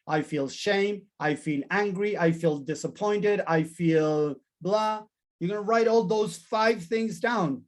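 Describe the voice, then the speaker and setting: Give me a high-voiced man teaching a live therapy class, emphatic and animated. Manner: animated, emphatic, repeats key words in lists. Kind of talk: live training lesson.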